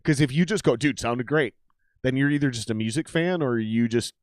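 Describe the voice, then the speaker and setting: A man hosting a podcast in a casual, animated, profane talking style. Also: mid-range voice, quick pace, no room sound. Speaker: podcast host.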